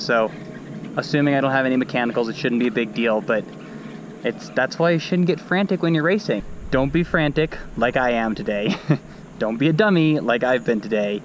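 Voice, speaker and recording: Man, mountain bike racer, casual vlog chat, self-deprecating, laughing at himself, middle pitch, outdoors. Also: background noise. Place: outdoors at a mountain race venue.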